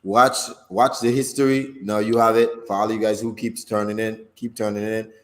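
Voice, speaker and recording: A man co-hosts a live-streamed talk show. His voice sits a little low and his talk is loose and joking. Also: little pitch movement, moderate pace. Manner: laid-back, joking, sign-off speech. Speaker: podcast co-host. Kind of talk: casual live-stream chat.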